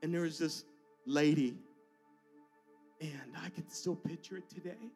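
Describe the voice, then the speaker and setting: A male pastor telling a personal story in a church sermon, swinging emotionally between soft asides and loud declarations. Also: on the high side, a little slow, soft background music.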